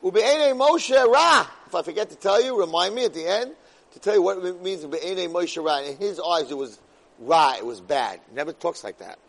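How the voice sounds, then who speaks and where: A man giving a weekly Torah portion class, weaving Hebrew verses into English and swinging dramatically between loud and soft delivery. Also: on the high side, lively intonation, brisk, poor audio. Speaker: Torah lecturer.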